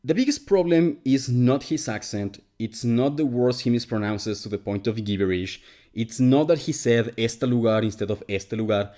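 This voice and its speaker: A man whose first language is Spanish hosts a video essay, delivering scripted, sarcastic commentary. His mid-range voice is mellow and moves at a normal speed, and his critique sounds exasperated.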